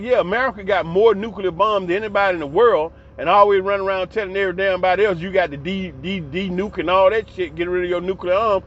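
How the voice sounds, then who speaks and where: A man's voice: sits high, fairly quick, hardly any pauses, a bit bright. A man giving passionate, profane, heated commentary in a ranting vlog. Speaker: commentary vlogger. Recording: slightly dull lo-fi recording.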